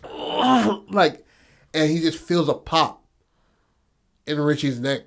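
A man's voice: on the high side, animated, slow pace, creaky, a bit bright. A male podcast host retelling a story in a rambling, casual way, heavy with fillers and swearing.

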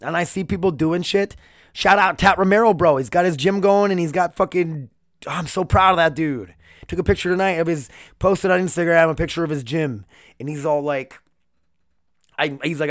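A man's voice: a little high, moderate pace, fairly bright tone, dry recording, studio quality. A man hosting his own podcast, rambling and swearing in a confessional solo monologue at home. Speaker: podcast host. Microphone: single podcast mic.

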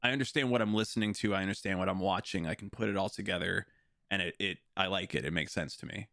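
A man's voice: low-pitched, fast talker, vocal fry, sharp tone, dry recording, clean studio sound. A man from the Chicago suburbs chatting casually and joking playfully. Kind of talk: casual chat.

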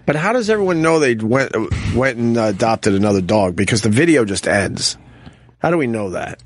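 A man's voice: medium pitch, big pitch swings, moderate pace. A man hosting a talk radio show, steering the segment and teasing his guests. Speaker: radio host. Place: radio studio.

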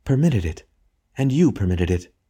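A man's voice: mid-range voice, a little fast, warm tone, husky, pitched above the performer's own voice, lightly acted. A man reading an audiobook, voicing a distraught young wife with a raised, tremulous, pleading voice. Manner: tremulous, emotional.

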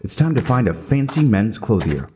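A man's voice: on the low side, very animated, normal speed, background noise. A middle-aged man telling a scripted comedic story in a wry, self-mocking way. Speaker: podcast narrator.

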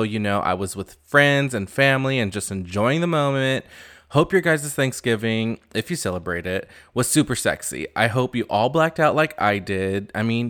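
A man's voice: medium pitch, a bit bright. A young man hosting a casual pop-culture gossip podcast, chatty, campy and sassy, recorded on a new podcast mic. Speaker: podcast host.

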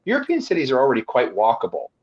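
Husky man explaining on a webinar. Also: mid-range voice, huge pitch swings, quick pace, highs cut off. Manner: explanatory, with frequent fillers and restarts. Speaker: constitutional lawyer, guest. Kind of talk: webinar presentation.

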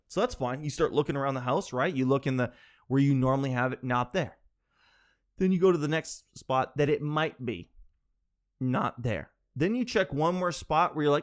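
A man doing a stand-up comedy monologue, telling a rambling, animated story with quick asides. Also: fairly high pitch.

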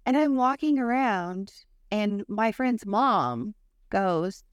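Brief: young adult woman podcast co-host, very animated pitch, casual and profane, dry close mic. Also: slow, clean tone, dry recording. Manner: lively, swears freely, acts out quoted voices. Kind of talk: casual storytelling chat.

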